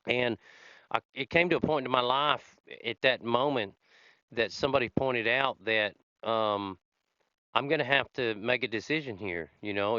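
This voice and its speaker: A man's voice: on the low side, fairly bright tone, clear, resonant tone, no echo. A man hosting a podcast, telling his own recovery story in a rambling, conversational way with many fillers. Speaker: podcast host. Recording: slightly dull lo-fi sound.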